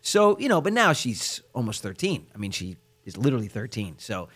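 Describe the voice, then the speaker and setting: A man's voice: medium pitch, big pitch swings, a little fast, a bit bright, husky. A man in his forties co-hosting a podcast, telling family stories animatedly and acting out voices. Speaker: podcast co-host. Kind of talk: casual chat.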